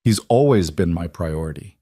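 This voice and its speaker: Defensive young mother, quiet force, voiced in a man's own low voice, dry read. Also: lively intonation, normal speed, slightly rough, dry recording. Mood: firm. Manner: quiet, firm. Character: strained young single mother, proud, defensive.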